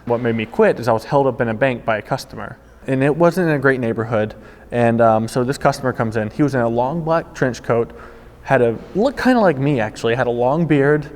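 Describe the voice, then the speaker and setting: Male storyteller, former car salesman, animated delivery, ordinary middle register, recorded with long reverb. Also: mid-range voice, a little fast. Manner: animated storytelling, voices quoted people. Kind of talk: casual spoken anecdote.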